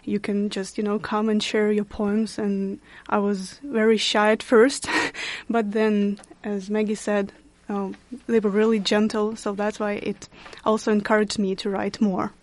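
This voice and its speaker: Flat-toned woman. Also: mid-range voice, a little slow, dry recording. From Russia. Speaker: guest poet.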